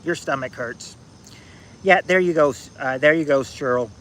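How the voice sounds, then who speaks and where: A man hosting a casual trivia game on a livestream, reading viewers' answers aloud in a halting, repetitive way, outdoors at night on a phone. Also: fairly high pitch, a bit bright, slight background noise, rough recording. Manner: halting and repetitive, restarting phrases, drawling out answers.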